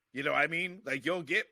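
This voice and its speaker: A man, a comedian, telling stories in animated, rambling casual chat on a podcast. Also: fairly high pitch, creaky, dry recording. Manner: animated, rambling storytelling with restarts.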